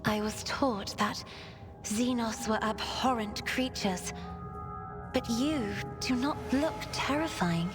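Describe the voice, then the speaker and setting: A woman's voice: a little high, slow. An actress voicing a sheltered, earnest young noblewoman in a video game, speaking with wonder. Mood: curious. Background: game music.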